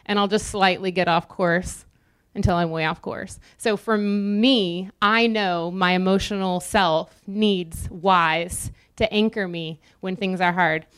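Young woman preacher, smooth clear voice, conversational sermon with light teasing. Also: medium pitch, steady tone, measured pace, hardly any pauses. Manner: conversational, jokes with the congregation.

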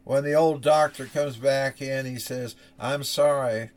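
A man's voice: mid-range voice, steady tone, unhurried. Man telling a dramatic sermon story. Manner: dramatic, swings from loud urgency to hushed softness; acts out quoted voices in the story. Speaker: preacher.

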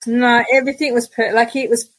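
A woman's voice: fairly high pitch, flat delivery, fairly quick, no room sound, rough recording. A middle-aged Australian woman, a podcast guest, telling stories in casual chat and laughing often. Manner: chatty storyteller, laughs often.

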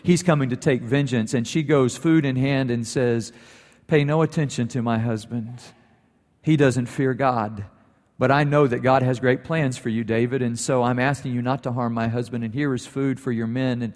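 A male pastor preaching a sermon and telling a story, his voice rising for emphasis and softening into prayer. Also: mid-range voice. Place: church sanctuary. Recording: long reverb of a church hall.

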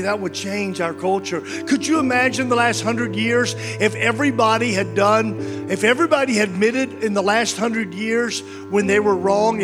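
A man preaching a sermon as pastor, impassioned, his voice swinging from loud to hushed. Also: very high-pitched.

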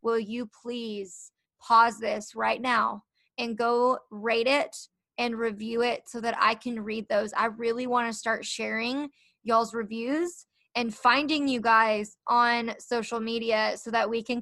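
A woman's voice: fairly high pitch, sharp tone, no room sound. A young woman hosting her own podcast, talking earnestly and encouragingly to her listeners. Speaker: podcast host. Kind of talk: solo podcast talk.

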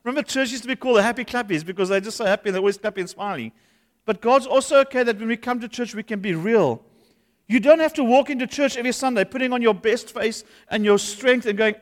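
A man's voice: extremely high pitch, quick pace. A man, a pastor preaching an earnest, conversational sermon in a church. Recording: long hall reverb.

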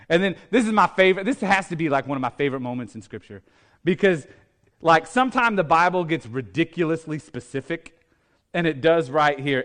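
A man's voice: on the high side, fairly bright tone. A male pastor preaching a sermon in a conversational way, reading scripture and asking the congregation questions. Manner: reads scripture aloud, acting out the speakers' lines.

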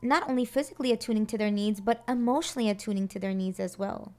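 A woman's voice: medium pitch, fast, background noise. A woman giving an earnest, reflective talk on parenting, often repeating phrases and checking in with her listeners. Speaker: parenting speaker.

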